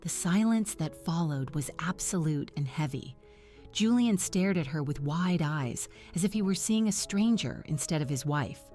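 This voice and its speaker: Measured middle-aged woman narrating. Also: sits low, expressive, a little mellow, faint music behind. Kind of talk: scripted first-person story narration.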